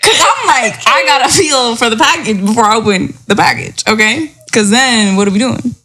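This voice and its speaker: A young woman with a high voice, chatting casually on a podcast. She tells her stories with animation, breaking into laughs often and swooping up in pitch. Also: normal speed, pushed and bright. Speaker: podcast co-host. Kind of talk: casual chat.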